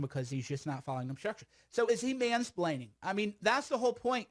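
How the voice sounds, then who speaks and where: A man's voice: high-pitched, sing-song, fairly quick. A man giving casual, sarcastic commentary on a video clip, rambling and laughing often.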